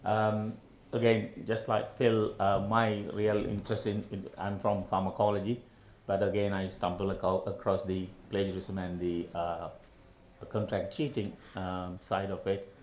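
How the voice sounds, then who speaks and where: Halting low-voiced man on a panel. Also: little pitch movement, darkish tone, a little hiss or hum. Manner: halting, searching for words. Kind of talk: conference self-introduction. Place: big conference room. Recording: echoey conference room.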